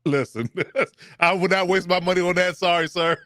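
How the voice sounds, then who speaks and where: A man co-hosting a casual sports podcast, blunt and quick to laugh. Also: high voice, steady tone, crowd noise.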